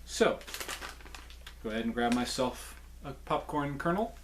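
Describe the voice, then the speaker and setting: Man, easygoing snack reviewer, playful asides, mid-pitched voice, light hiss behind. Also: expressive, unhurried. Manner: chatty and playful, jokey asides. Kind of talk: casual solo review.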